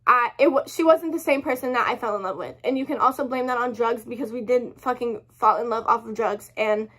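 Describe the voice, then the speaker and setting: A woman's voice: a little high, brisk, fairly bright tone. A young woman telling a story to her camera, rambling, swearing a lot and apologizing often, upset and close to tears. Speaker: vlogger. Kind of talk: emotional storytime rant.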